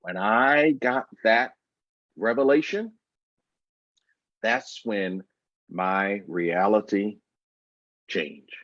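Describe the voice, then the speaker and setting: A man in his fifties, a guest on a call-in show, recounting his life in a slow, reflective, emphatic way. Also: lowish voice, a bit bright, no echo, dull audio. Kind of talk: personal storytelling interview. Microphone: video call.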